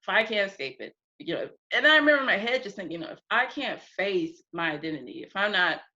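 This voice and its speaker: A woman's voice: mid-range voice, sing-song, fast, sharp tone, highs cut off. A young woman from the United States, a guest in an interview, telling candid stories frankly, laughing often and acting out what people said. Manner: frank, laughs often, acts out quoted speech.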